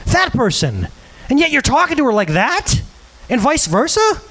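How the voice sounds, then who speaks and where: A man's voice: extremely high pitch, huge pitch swings, moderate pace, fairly bright tone. A man in his thirties giving a sermon as a pastor, earnest and full of rhetorical questions.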